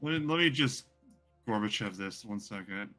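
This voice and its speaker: A man's voice: fairly low pitch, expressive, normal speed, pushed and bright, soft background music. Man running a tabletop game. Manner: rambling, many fillers. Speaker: game master.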